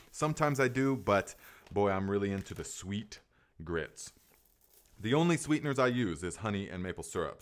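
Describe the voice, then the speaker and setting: A middle-aged man chats through a live gardening Q&A with a slightly low voice. He rambles with easy enthusiasm and trips over his own restarts and fillers. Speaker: gardening podcast host. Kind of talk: casual live Q&A chat.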